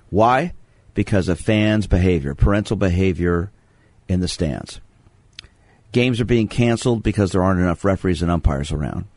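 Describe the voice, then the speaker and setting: A lower-voiced man hosts a sports radio call-in show. He tells stories at an easy pace, stumbling and restarting his sentences as he goes. He is from Brooklyn, and his voice sits close and dry on a studio mic. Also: darkish tone, no room sound. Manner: anecdotal, restarts sentences often. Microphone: studio microphone.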